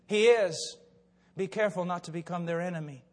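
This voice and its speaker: Older man preaching in a reverberant hall. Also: brisk. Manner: swings from low, quiet storytelling to loud, shouted preaching. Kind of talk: sermon with storytelling.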